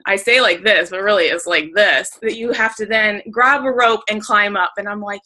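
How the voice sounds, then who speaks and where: Bright, chatty woman on a video call. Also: a little high, moderate pace, low-quality recording. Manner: chatty and emotional, filler-heavy with lots of "like". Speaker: team member sharing a story on a group call. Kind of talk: casual storytelling.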